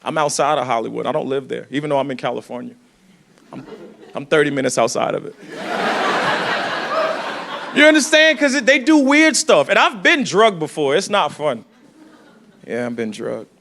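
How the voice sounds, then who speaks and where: A man performing a loud, animated stand-up set in a comedy club, telling stories full of voices and shouts. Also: fairly high pitch, normal speed, creaky, long pauses. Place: comedy club with live audience. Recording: live club recording with crowd laughter and noise.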